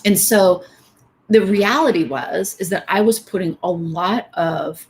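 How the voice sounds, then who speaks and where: A woman's voice: fairly low pitch, measured pace, a little mellow. A middle-aged woman giving a candid, conversational motivational talk at a women's event, with many fillers. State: tearful at times.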